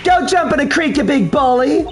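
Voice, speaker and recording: A man's voice: very high voice, lively intonation, moderate pace, faint music behind, pitched above the performer's own voice. A man voicing a hot-tempered young southern woman who snaps back indignantly in a put-on Southern drawl. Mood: angry. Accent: put-on American Southern. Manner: snapping, indignant, folksy.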